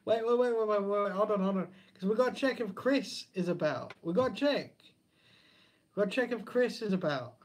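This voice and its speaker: A man's voice: high voice, animated, a little fast. A man hosting a casual live stream, laughing and keeping the chat moving. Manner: laughing, keeps things moving.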